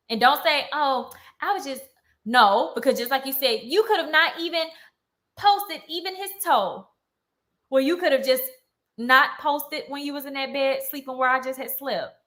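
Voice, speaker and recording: Young woman vlogger, heated live-stream rant, indignant, bright and rather high voice. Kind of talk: ranting to camera on a live stream.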